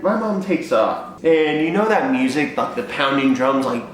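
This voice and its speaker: A young man vlogger telling a comic personal story in an animated, self-mocking way, acting out scenes, recorded in a very echoey room. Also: mid-range voice, moderate pace, few pauses. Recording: very echoey room, faint noise.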